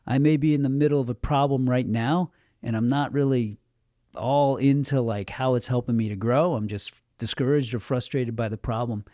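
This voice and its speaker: Guy pastor giving a sermon, chatty and sincere, mellow voice, pretty dry sound. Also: mid-range voice, moderate pace, no room sound. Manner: earnest, conversational preaching with light humor.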